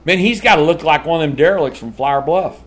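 A man preaching a sermon, swinging from shouted lines to hushed ones and laughing often. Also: on the high side, quick pace.

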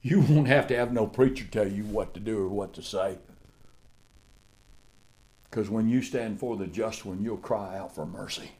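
An older man preaching a sermon in a folksy, emphatic way, swinging from loud declaiming to quiet asides, with drawn-out repeated phrases and stammered restarts. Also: lowish voice.

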